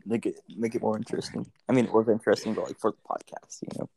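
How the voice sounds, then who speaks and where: A man's voice: on the low side, steady tone, racing, gravelly, dark tone, husky, dry recording. A man chatting casually as a podcast guest, telling stories loosely with lots of fillers. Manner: loose, filler-heavy storytelling. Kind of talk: casual chat.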